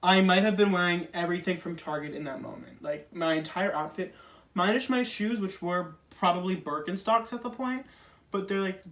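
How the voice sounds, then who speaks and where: A man's voice: high-pitched, moderate pace, a bit bright, far from the mic. A young man performing a casual stand-up monologue, chatty and self-deprecating with lots of fillers. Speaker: stand-up comedian.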